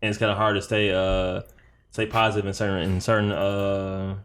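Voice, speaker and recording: A man's voice: lowish voice, little pitch movement, moderate pace, fairly bright tone. A man hosting a podcast, casually reviewing a movie with rambling asides and laughing at his own jokes. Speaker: podcast host. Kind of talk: casual chat.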